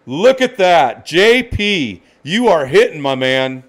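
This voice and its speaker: A man hosting a live card-break stream, excitedly calling out each card and greeting viewers by name. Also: fairly high pitch, slow pace, few pauses.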